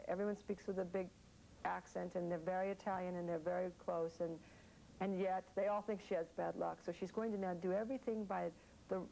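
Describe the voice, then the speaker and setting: A woman in her forties talks through interview questions in a loose, rambling way, full of "you know". Her voice sits a bit low, with a faint hiss on the tape. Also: creaky, warm tone, poor audio. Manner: rambling, chatty, many fillers. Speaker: interviewee, actress. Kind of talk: casual interview answers.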